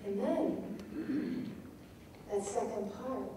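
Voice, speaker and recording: A woman giving a lecture on poetry, reading lines aloud with expressive emphasis. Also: medium pitch, takes it slowly, pauses often, far from the mic, a little hiss or hum. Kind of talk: lecture on poetic rhythm. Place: lecture hall at a festival. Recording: echoey hall, recorded from afar.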